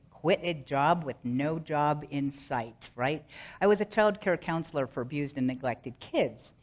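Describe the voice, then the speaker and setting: A middle-aged woman minister giving a sermon, earnest and rhythmic, slowly repeating a mantra. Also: sits low.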